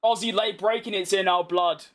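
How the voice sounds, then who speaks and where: A young man with a British accent, chatting casually as he streams a racing game, reacting fast and poking fun at himself. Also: sits high, steady tone, a bit bright. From United Kingdom. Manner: chatty, quick reactions to the race, self-mocking. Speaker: gaming streamer. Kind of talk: live gameplay commentary while reading chat.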